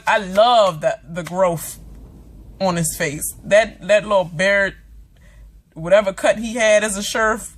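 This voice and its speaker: A woman vlogger giving a casual, dramatic reaction rant about a TV episode, swearing freely and acting out the characters. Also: lowish voice. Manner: chatty with many fillers and asides.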